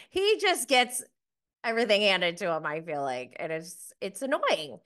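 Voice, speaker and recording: A woman's voice: lowish voice, lively intonation, moderate pace, fairly bright tone. A woman hosting a casual episode review of a reality show, chatty and gossipy, laughing often as she talks. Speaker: reality TV recap host.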